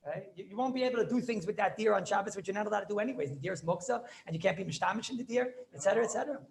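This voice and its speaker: Gravelly rabbi teaching with Yeshivish lilt. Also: male voice, high-pitched, rapid-fire, slight background noise. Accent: Yeshivish English. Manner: storytelling, repeats phrases, asks students questions. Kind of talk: animated Torah class with Yiddish and Hebrew terms.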